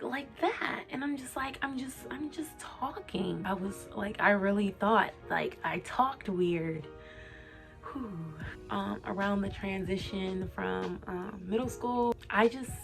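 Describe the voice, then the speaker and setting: A young woman talks straight to her camera in a candid, confessional vlog. Her speech is articulate and clear, open and emotional, at an ordinary middle pitch. Faint music plays softly behind her. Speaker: vlogger.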